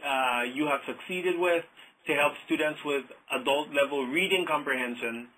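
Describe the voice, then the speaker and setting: A man's voice: fairly high pitch, moderate pace, bright, forceful tone, low-quality recording. A man moderating a webinar, politely reading out audience questions. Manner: polite, apologetic, careful.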